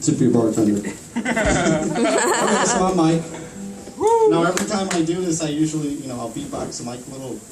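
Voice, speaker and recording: A man's voice: on the high side, animated, normal speed, pauses often. A man in his twenties doing a rambling, profane stand-up set at an open mic, chuckling at his own jokes. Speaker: stand-up comedian. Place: small bar open mic. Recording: echoey room, far mic, crowd laughter. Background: audience laughing.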